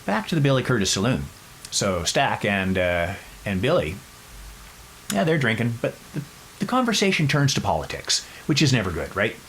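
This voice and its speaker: A man hosting a podcast, telling a story in a casual, animated way with wry asides. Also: medium pitch, moderate pace, slight background noise, rough recording. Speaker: podcast host.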